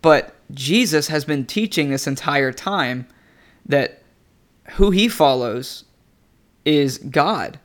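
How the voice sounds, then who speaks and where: A man with a slightly higher voice teaches scripture in a relaxed, chatty way. He sounds animated and amused, and breaks into laughter as he talks. He speaks like a friend sharing a Bible lesson rather than delivering a formal sermon. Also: takes it slowly, long pauses. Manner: animated, conversational, laughing often. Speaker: preacher. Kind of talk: casual devotional teaching.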